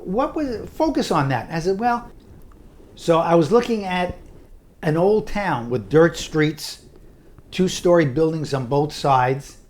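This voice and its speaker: A man's voice: on the high side, darkish tone. Older man telling his own story. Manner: earnest, conversational, with frequent small restarts. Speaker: memoir narrator. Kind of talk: personal storytelling narration.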